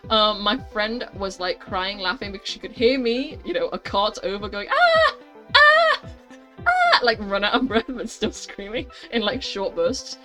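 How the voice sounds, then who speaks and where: A woman's voice: medium pitch, moderate pace, hardly any pauses, fairly bright tone, faint music behind, poor audio. A young woman hosting a gaming channel, reading a story game aloud with chatty, rambling, giggly asides.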